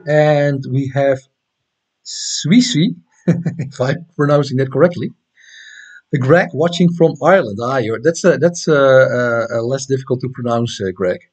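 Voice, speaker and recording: Dutch guy rambling on an astronomy livestream, lots of ums, mid pitch, friendly. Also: normal speed, a little mellow. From Netherlands. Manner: hesitant, many ums and restarts, friendly. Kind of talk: casual live-stream chat reading viewer comments.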